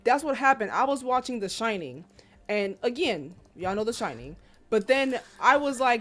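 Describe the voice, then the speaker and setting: A woman streamer chats casually on a live stream in a higher-pitched voice at normal speed. She tells stories in a lively, slangy way and exclaims loudly in disbelief.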